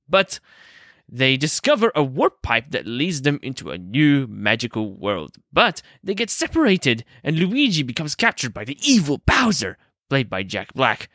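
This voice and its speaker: A young man hosts a casual film review, talking through his thoughts with plenty of fillers and restarts. His voice is bright and forward, and the recording is dry and close, with almost no room sound. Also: medium pitch, no echo. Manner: hesitant, many fillers and self-corrections. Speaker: movie review host.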